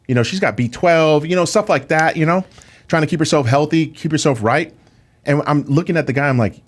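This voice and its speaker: In a podcast studio, a male guest with a slightly high voice tells a story at a brisk clip. He sounds casual yet indignant and animated, with "like" and "dude" cropping up constantly as filler.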